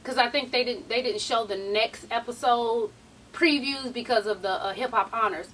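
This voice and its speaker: A woman's voice: fairly high pitch, moderate pace, a bit bright, recorded from a distance, a little hiss or hum, rough recording. A young woman giving a casual, profane reality TV recap, acting out the people she quotes. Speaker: TV recap vlogger.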